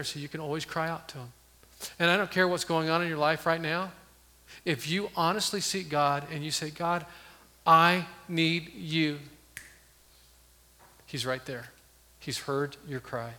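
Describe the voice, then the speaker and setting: Bright-voiced man preaching in a reverberant hall. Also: on the high side. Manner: earnest preaching, swinging from loud emphasis to hushed tones. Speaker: pastor. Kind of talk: sermon.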